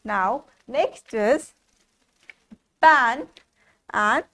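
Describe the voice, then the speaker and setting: A woman teaches a class of small children. Her voice sits high, and she speaks slowly, repeating each word in a sing-song rhythm and stopping often to ask questions. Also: expressive. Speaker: preschool teacher.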